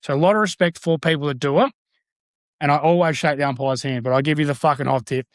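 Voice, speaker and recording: A man's voice: on the high side, fairly even intonation, quick pace, dry recording, studio quality. An Australian man on a podcast, blunt and laughing as he talks, swearing freely. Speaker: podcast co-host. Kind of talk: casual chat.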